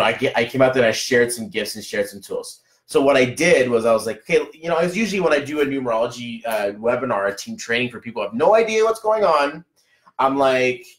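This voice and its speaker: A man reading numerology on a casual live stream, chatty and excitable, greeting viewers by name. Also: mid-range voice. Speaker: numerology reader. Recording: echoey room.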